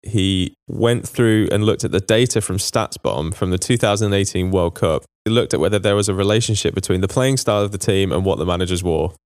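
A man's voice: low voice, a little fast, few pauses, darkish tone, no room sound, studio quality. A man co-hosting a casual football podcast, chatting and reading out listener emails. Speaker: podcast co-host. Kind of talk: casual chat.

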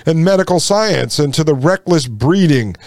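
A man's voice: fairly high pitch, lively intonation, normal speed, a little mellow, no echo. A male podcast host reading from an article and breaking off into indignant, sarcastic commentary. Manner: indignant, sarcastic asides between quoted passages.

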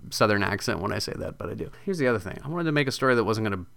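Guest, male writer: bright, crisp voice, animated and jokey in a casual interview. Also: on the low side, rapid-fire. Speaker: video game writer, guest.

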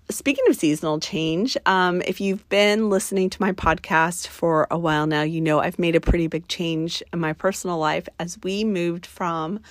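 A woman in her forties talks through her solo podcast with a scratchy, slightly nasal throat. Her voice sits on the lower side, and she rambles in a friendly, chatty way with little asides to her listeners. The sound is dry and close, with no room around it. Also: no echo. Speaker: podcast host. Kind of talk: casual solo podcast chat.

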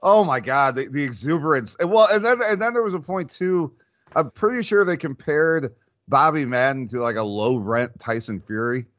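A man's voice: mid-range voice, expressive, normal speed, a bit bright, no room sound. A man hosting a football podcast, chatting casually with many restarts and reading sponsor plugs. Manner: rambling, restarting, laughing often. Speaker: podcast host. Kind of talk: casual football chat and ad reads. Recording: dull lo-fi podcast audio.

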